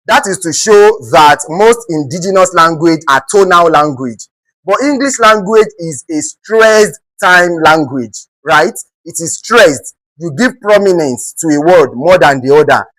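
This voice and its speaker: A man's voice: a little high, animated, unhurried, a bit bright, no room sound, low-quality recording. A man with a Nigerian accent teaching an exam-prep English lesson, often checking in with rhetorical questions and repeating words for emphasis.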